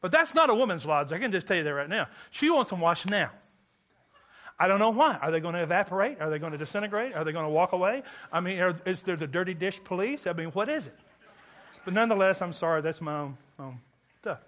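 Animated preacher from Kentucky, high bright voice. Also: male voice, fast. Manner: animated, joking with the congregation. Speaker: pastor. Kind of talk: sermon. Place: church.

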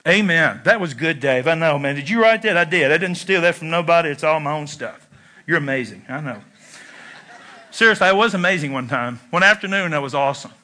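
A middle-aged man delivers a sermon in a loose, conversational way, joking at his own expense. His voice sits high and sounds very bright and ringing. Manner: conversational preaching with self-deprecating humor. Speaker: pastor.

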